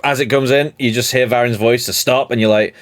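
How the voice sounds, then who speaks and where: A man narrating as game master in an animated, rambling storytelling manner. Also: medium pitch, fairly quick.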